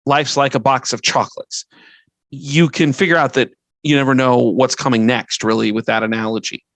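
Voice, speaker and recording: A man's voice: mid-range voice, steady tone, normal speed, a bit bright, no echo, low-quality recording. A middle-aged man hosting a podcast, giving earnest advice in a conversational way, listing his points and often restarting a sentence. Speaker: podcast host and fundraising consultant.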